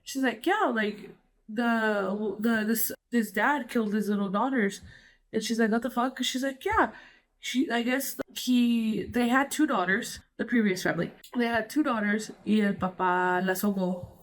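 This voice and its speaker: Podcast host, woman, a bit high-pitched, loose rambling storyteller who slides between English and Spanish. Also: a little slow. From Colorado, United States. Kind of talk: casual storytelling chat.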